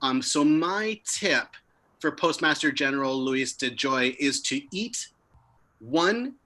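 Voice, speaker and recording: A young man doing a stand-up comedy set with deadpan delivery and sudden loud punches of emphasis. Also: fairly high pitch, slow. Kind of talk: stand-up set over a video stream.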